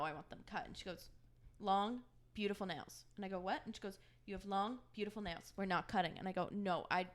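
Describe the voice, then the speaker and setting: A young woman co-hosting a chat podcast, spinning a long anecdote. She slips into quick impressions of the people in the story, then goes back to her own relaxed, mid-pitched voice. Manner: animated storyteller who acts out quoted dialogue. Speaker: podcast co-host.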